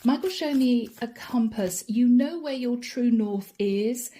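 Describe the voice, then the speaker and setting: Woman doing a tarot reading to camera, mellow slightly high voice, keeps reassuring her viewers over and over. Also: unhurried. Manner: encouraging, affectionate, addresses viewers directly; repetitive, reassuring phrasing. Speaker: tarot reader.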